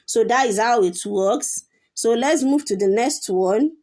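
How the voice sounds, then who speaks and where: A woman's voice: fairly high pitch, unhurried, a little mellow. A woman teaching a coding lesson, explaining each step patiently with frequent fillers and repetition. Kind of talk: screen-share coding tutorial.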